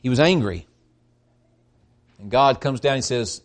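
A man preaching a sermon, emphatic and swinging between loud stresses and quiet drops, with frequent restarts. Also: mid-range voice, a little slow. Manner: emphatic, rising and dropping in volume, with restarts.

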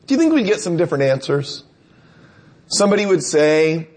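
A man's voice: a little high, very animated, a little fast, darkish tone. A man preacher delivering a conversational sermon, telling stories and asking rhetorical questions.

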